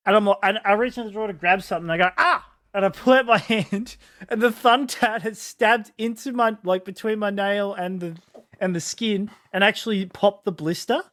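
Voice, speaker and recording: A man with a notably high voice tells a casual story on a podcast. He halts, restarts and acts out what people said. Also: fairly bright tone. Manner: halting, restarts often, acts out quotes. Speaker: podcast co-host.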